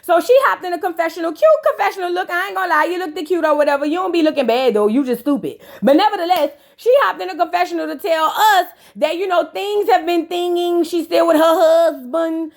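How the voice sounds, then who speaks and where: A woman's voice: very high-pitched, a little fast, hardly any pauses. A woman hosting a casual reality TV reaction video, sassy and gossipy, roasting the cast and calling the listener "girl". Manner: blunt roasting asides.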